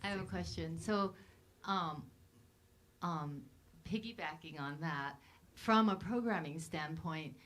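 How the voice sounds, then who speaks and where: A woman hosts a film festival Q&A in a theater, building her question slowly and thoughtfully. Her voice sits somewhat low for a woman. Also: a bit bright. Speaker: festival programmer and host. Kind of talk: Q&A moderation. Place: movie theater.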